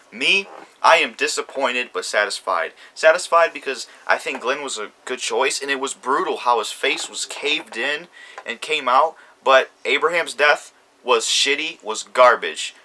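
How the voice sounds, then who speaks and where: A YouTube commentator, a man with a medium-pitched, sharp-toned voice, rants about a TV show premiere. His reaction is heated and profane, and he repeats himself.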